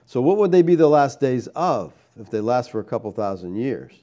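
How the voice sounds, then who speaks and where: Emphatic preacher man, mellow voice. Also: medium pitch, sing-song, brisk, highs cut off. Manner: emphatic, rhetorical questions, tags "all right?". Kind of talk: sermon teaching.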